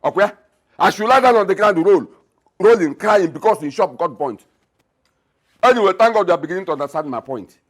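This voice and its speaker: An actor playing a gruff, mocking middle-aged Nigerian father with a husky voice. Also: high voice, expressive, a little fast, pauses often. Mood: scornful. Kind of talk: Nollywood film acting.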